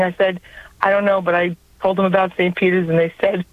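A woman with a New York accent calling in to tell a personal faith story in an earnest, quick, conversational way. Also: lowish voice, flat delivery, no echo. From Long Island, New York. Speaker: caller. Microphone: telephone. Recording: tinny phone line.

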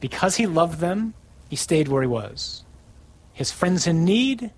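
A man preaching a sermon, reading scripture with rising emphasis and dropping low for key lines. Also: big pitch swings, a little slow, poor audio.

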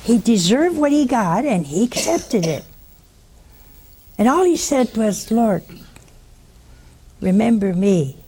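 A woman's voice: on the high side, takes it slowly, pauses often, a little hiss or hum. A woman preaching a sermon, teasing her listeners and acting out the people in her stories. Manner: teasing, animated storytelling with quoted voices. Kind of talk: sermon with storytelling.

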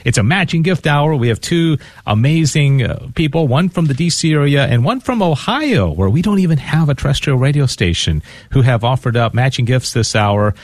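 A man's voice: mid-range voice, expressive, normal speed, no echo. Male radio pledge drive co-host, mid-range voice, light jokes and reverent prayer, dry close mic. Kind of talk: on-air fundraising and prayer. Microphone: studio microphone.

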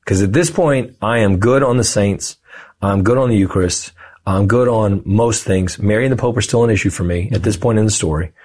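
Husky low-voiced man telling a story. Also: a little fast. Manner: animated, lively storyteller who acts out quoted dialogue. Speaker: podcast guest. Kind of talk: conversational storytelling.

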